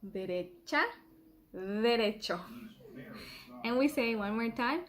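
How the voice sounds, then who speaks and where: A middle-aged woman teaching a children's language lesson in a playful, patient way, repeating words slowly for pupils to copy. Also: on the high side, animated. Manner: playful, laughs at herself.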